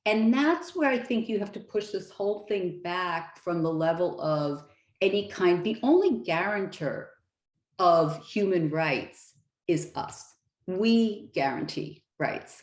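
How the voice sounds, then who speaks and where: A woman's voice: on the low side, darkish tone. A middle-aged woman professor answering interview questions, thinking aloud with many "you know"s. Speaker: guest professor. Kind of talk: academic interview. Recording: echoey room.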